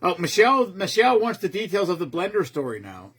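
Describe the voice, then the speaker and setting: A man's voice: sits high, wildly swooping pitch, quick pace, a bit bright, husky. A man co-hosting a livestream, teasing his partner with crude wisecracks and reading out viewer comments. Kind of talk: casual livestream banter.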